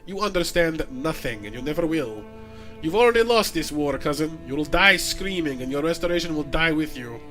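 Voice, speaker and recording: A man's voice: fairly high pitch, lively intonation, brisk, fairly bright tone, soft background music. A man voicing a cold, scheming noblewoman villain with a put-on Russian accent and sneering, theatrical menace. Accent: vaguely Russian, put on.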